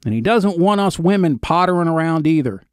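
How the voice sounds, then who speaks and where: A man reading aloud the shouted words of a woman preacher, his voice lifted and emphatic. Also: on the high side, animated, a little fast, smooth, no room sound, studio quality, close to an everyday voice. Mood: exhorting. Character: shrill middle-aged woman preacher shouting exhortations.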